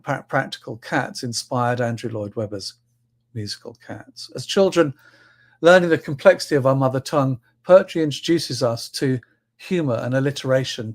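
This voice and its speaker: Man reading poems out at a talk, punchy stresses then soft trailing endings, mid pitch. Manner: expressive reader, swings between loud stresses and soft trailing ends. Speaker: speaker at a livestreamed talk event. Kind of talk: spoken talk with poetry readings.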